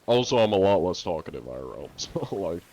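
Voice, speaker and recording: A man's voice: sits low, very animated, fairly quick, a little mellow, dull audio. A young man streaming, casually answering viewer questions in a loose, rambling way full of fillers and the odd swear word. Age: young adult.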